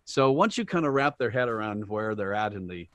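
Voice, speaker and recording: A man's voice: on the low side, brisk, dry recording. Chatty man telling anecdotes, dry sound. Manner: chatty and animated, retelling anecdotes with quoted voices. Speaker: voice actor guest. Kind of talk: casual interview storytelling.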